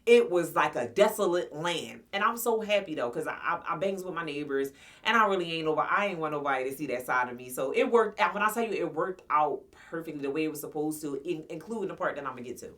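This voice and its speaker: A woman's voice: low voice, expressive, quick pace, a bit bright, recorded from a distance. A woman in her forties casually telling a personal story to her viewers, blunt, slangy and profane. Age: 40s. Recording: voice somewhat off-mic.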